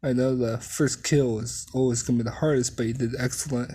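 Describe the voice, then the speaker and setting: A storyteller voicing a calm, protective female ninja squad leader, with a husky voice and frequent throat-clearing. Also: mid-range voice, brisk, natural voice. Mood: reassuring. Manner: steady, reassuring, then commanding. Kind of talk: fan story narration.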